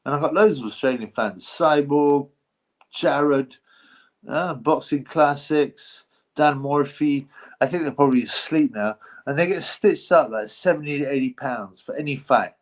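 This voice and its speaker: A man's voice: a little high, unhurried. Rambling man streaming live. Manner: rambling, slangy, swears freely, lots of fillers. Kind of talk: casual live-stream chat reading donations.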